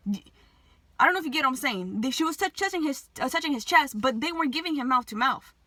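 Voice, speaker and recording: A woman's voice: sits high, animated, fast, bright, forceful tone, dry recording. A woman telling an emotional story to her viewers, agitated, swearing constantly and restarting her sentences. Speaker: vlogger.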